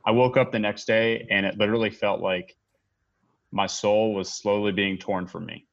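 Man, 30s, veteran telling his story; low voice, halting and earnest, dull lo-fi recording. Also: level tone, creaky. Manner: earnest, halting, with many restarts and pauses. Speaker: military veteran speaker. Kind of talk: personal testimony to an audience.

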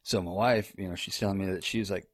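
A man's voice: deep voice, steady tone, fast, no room sound, clean studio sound. Rambling, profane man telling his story. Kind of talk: casual storytelling.

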